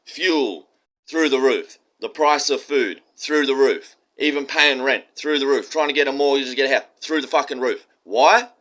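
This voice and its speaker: A man's voice: medium pitch, normal speed, fairly bright tone. A man with an Australian accent delivering a heated, profane monologue with strong emphasis. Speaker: commentator.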